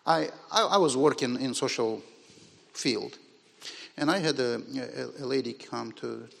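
A man whose first language is not English, preaching a sermon in a church hall, moving from quiet musing to loud, emphatic bursts. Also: medium pitch, unhurried, gravelly. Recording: long hall reverb.

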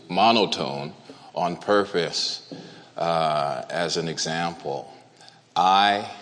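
A man preaching a sermon to a congregation, speaking deliberately and asking them questions. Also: sits low, fairly bright tone. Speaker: pastor. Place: church hall. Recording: reverberant church hall.

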